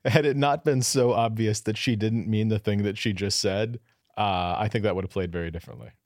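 A man's voice: on the low side, fairly even intonation, fairly quick, darkish tone, dry recording, studio quality. A man hosting a casual podcast, telling a story in a wry way with occasional stammers. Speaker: podcast host.

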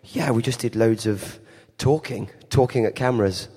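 A man's voice: mid-range voice, normal speed, a little mellow, breathy edge, in a large hall. A man with an English accent, chatting casually as an actor guest, rambling and restarting his sentences. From England. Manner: rambling, self-interrupting, laughs often. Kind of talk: casual interview chat. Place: convention venue.

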